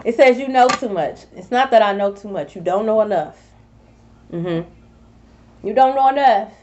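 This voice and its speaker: A woman's voice: medium pitch, moderate pace, a little mellow, dull audio, slight background noise. Sassy, scolding woman tarot reader. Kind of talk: confrontational spiritual vlog monologue.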